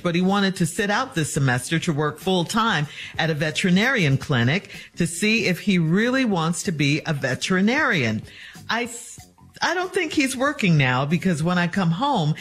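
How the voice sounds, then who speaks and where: A woman's voice: on the low side, a bit bright. Woman co-host on morning radio, reading a listener letter, voice goes up and down a lot, faint music underneath.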